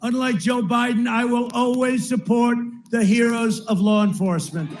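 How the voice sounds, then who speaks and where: Male politician at a rally, higher voice than most men, talks in loose repetitive riffs and turns to the crowd often. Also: fairly even intonation, normal speed, a little mellow, a little hiss or hum, poor audio. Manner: rambling, repetitive, with asides to the crowd. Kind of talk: campaign rally speech. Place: large rally venue.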